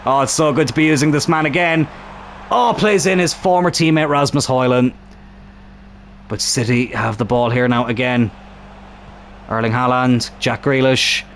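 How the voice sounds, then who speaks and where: A young man commentating his own football video game match, excitable and swearing at the screen, with a strained throat. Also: mid-range voice, moderate pace, pauses often, a little hiss or hum.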